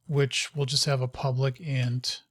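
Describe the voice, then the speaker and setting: A man works through a coding session and thinks out loud at an unhurried, deliberate pace, his voice sitting at an ordinary middle pitch. He mutters to himself, scolds the code and slips in wry, self-mocking asides. The sound is close and dry, with no room around it. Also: little pitch movement, no echo. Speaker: host of a live coding session. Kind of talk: thinking aloud while coding.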